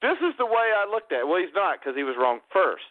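A man's voice: high-pitched, big pitch swings, fast, no room sound. A man co-hosting a sports talk podcast, rambling and playing up mock self-pity as he banters with his friends. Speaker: podcast co-host. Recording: tinny phone-like dry line.

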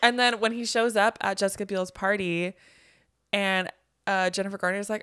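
A woman's voice: mid-range voice, moderate pace, smooth, no room sound, clean studio sound. A young woman co-hosting a podcast, chatting casually about a movie and acting out lines from it. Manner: chatty, quotes film lines in animated voices. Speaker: podcast co-host.

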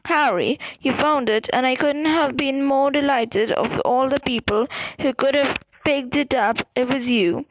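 A woman voicing a calm, manipulative young male wizard in a storybook reading, speaking softly and slowly with quiet menace. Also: sits high, rough recording. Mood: calm menacing. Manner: soft, calm, slow and pleasant with menace.

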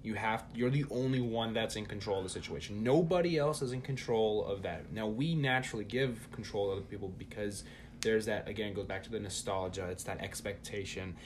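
A man's voice: fairly low pitch, brisk, slight background noise. A man co-hosting a podcast, talking earnestly and encouragingly in casual chat. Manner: earnest and encouraging, repeating words. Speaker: podcast co-host.

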